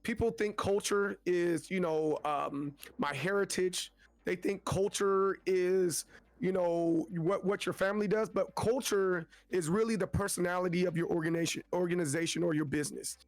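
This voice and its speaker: High-voiced man, casual and rambling. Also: steady tone, moderate pace, no room sound. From Tennessee, USA. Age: adult with children. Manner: rambling, frequent restarts, acts out quotes. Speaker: guest streamer. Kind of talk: casual interview talk.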